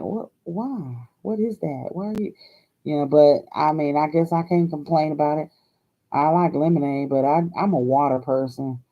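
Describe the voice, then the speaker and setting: A woman's voice: deep voice, muffled recording. An older woman from Hawaii hosting a crafting vlog, chatting in a folksy, chatty way and laughing often. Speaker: crafting channel host.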